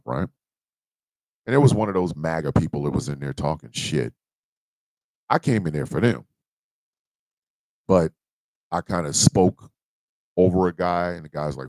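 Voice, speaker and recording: A man with a very deep, gravelly voice hosting a livestream, talking passionately and with heavy emphasis. His delivery swings between hushed and loud, recorded close and dry. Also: no room sound, poor audio. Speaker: live show host. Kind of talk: emotional livestream monologue.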